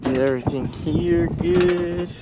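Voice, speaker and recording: A high-voiced man from Kansas talks viewers through his farm chores in a relaxed vlog manner, a little out of breath as he walks. Strong wind noise batters the camera mic outdoors. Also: takes it slowly, lo-fi sound. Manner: relaxed, talks to viewers while walking a field. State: out of breath with hiccups. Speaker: farmer vlogger. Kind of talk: casual vlog narration while working. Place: outdoors on a windy farm field.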